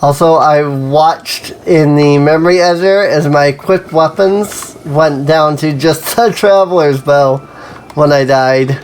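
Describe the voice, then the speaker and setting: A let's play host thinks aloud through casual gameplay commentary, chatty and self-amused. The voice sits at an ordinary middle pitch and yelps at each mishap. Faint ambient hiss runs under the speech. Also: a little slow, a little mellow.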